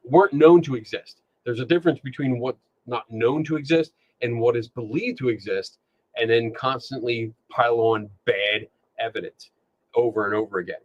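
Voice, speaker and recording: A man's voice: medium pitch, normal speed. Casual rambling man with lo-fi sound. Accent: Philadelphia. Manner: rambling, many fillers and restarts. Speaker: podcast host. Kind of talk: casual chat. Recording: dull lo-fi sound.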